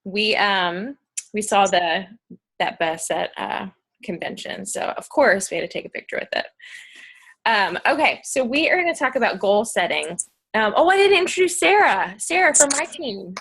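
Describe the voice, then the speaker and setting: Woman, host, video call, bubbly, chatty, filler words, medium pitch. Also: lively intonation, normal speed, gravelly, fairly bright tone, slightly rough. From Pennsylvania. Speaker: host of a team goal-setting call. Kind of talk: casual presentation on a video call.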